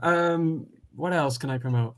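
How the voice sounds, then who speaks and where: A man's voice: fairly high pitch, measured pace. A man co-hosting a podcast in casual chat, hesitant and joking, with many fillers. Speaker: podcast co-host.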